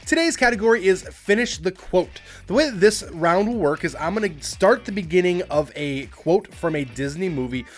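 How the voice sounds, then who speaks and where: A man's voice: high-pitched, lively intonation, normal speed, hardly any pauses, soft background music. A man hosting a movie trivia podcast, reading quotes aloud and adding casual asides. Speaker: quiz podcast host.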